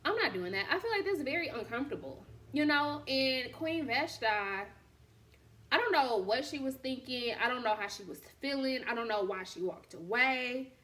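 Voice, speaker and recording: Slightly high-voiced woman, candid faith chat. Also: lively intonation, moderate pace, bright, forceful tone. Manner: slangy, candid, storytelling. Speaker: podcast host and boutique owner.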